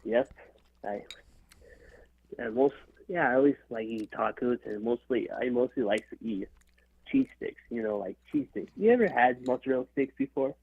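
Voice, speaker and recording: A man from California calling into a show, speaking in a hesitant, halting way and repeating himself. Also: mid-range voice, expressive, breathy edge, dry recording. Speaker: caller. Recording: phone line.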